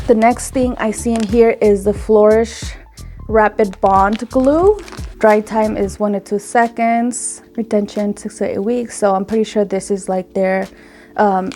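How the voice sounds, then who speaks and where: Young female vlogger, bubbly and exclamatory, unhurried delivery, light music bed. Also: medium pitch, darkish tone. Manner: bubbly, gushing, giggly, exclamatory. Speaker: lash extension YouTuber. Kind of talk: excited unboxing vlog.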